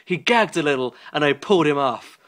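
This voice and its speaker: A man doing a lustful young Irish pop singer, in a slightly high voice. The Irish accent is clumsy and put on. He reads in an over-dramatic, stumbling way, like a comic reading aloud. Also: expressive, fairly quick, fairly bright tone. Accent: put-on Irish, poorly done.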